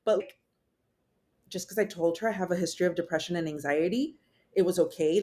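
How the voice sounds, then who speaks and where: A woman's voice: on the low side, brisk, long pauses, dark tone. A woman who is a podcast guest, telling a personal story in a raw, profane, rambling way.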